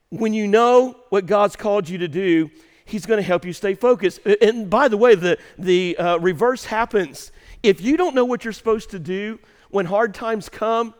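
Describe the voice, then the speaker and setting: A man preaching a sermon to his congregation, swinging between hushed storytelling and shouted emphasis. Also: high voice. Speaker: pastor. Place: church sanctuary. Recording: reverberant church hall.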